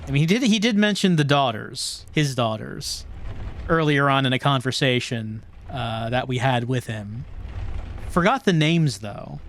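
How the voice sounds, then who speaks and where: A man's voice: medium pitch, expressive, measured pace, fairly bright tone, slight background noise. A man streaming a video game, reading in-game messages aloud and muttering asides in casual commentary.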